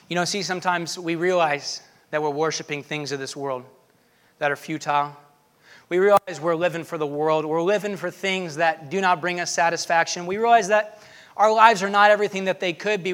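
A man's voice: high-pitched, fairly bright tone. A young man preaching a sermon in a church, impassioned and repeating phrases for emphasis. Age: young adult.

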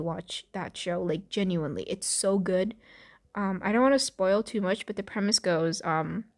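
A woman hosting a casual chat, rambling and swearing freely, with laughs and restarts. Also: medium pitch. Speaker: podcast host.

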